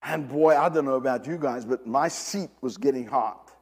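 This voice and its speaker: A man's voice: mid-range voice, normal speed, breathy edge, long reverb tail. A man preaching a sermon, emphatic and direct with the congregation, often repeating and restarting his phrases.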